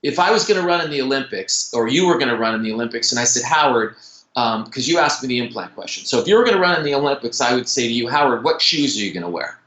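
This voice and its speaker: An animated man talking as a guest dentist in a podcast interview, his pitch swinging widely and his voice bright and forceful. He tells stories quickly and often restarts sentences. The sound is roomy and echoey. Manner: animated, fast-talking storyteller with frequent restarts. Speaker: dentist and implant educator.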